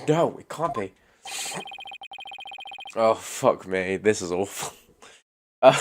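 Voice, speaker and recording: A man's voice: on the low side, lively intonation, slow, long pauses. A man with a stuffy nose reacting emotionally to a game he is playing, groaning and swearing as he reads the lines aloud. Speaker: gaming streamer. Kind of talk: let's play reading game lines aloud.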